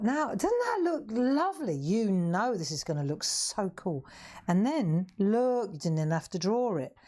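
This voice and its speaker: A woman's voice: fairly low pitch, warm tone. A middle-aged woman with a Southern English accent, hosting a live craft demonstration in a chatty, self-mocking way and laughing often. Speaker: craft show host. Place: craft room.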